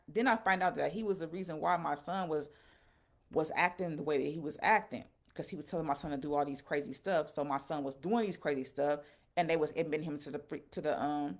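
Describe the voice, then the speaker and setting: A woman live-stream storyteller with a low-pitched voice tells a painful personal story at a brisk pace. Her retelling is casual, rambling, emotional and animated, and she often repeats herself.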